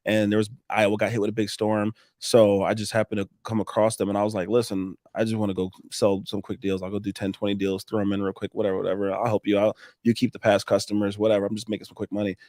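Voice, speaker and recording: A man's voice: fairly low pitch, level tone, fast talker, hardly any pauses, a little mellow, no echo, clean studio sound. A man, a roofing contractor telling sales stories in a casual interview, acting out both sides of conversations and swearing freely.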